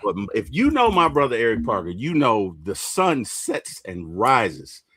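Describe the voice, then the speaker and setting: A man's voice: medium pitch, unhurried, husky, no echo, clean studio sound. A man hosting a casual sports fan livestream, talking with rising emotion about his team. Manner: emotional, voice swelling when excited. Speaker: podcast host.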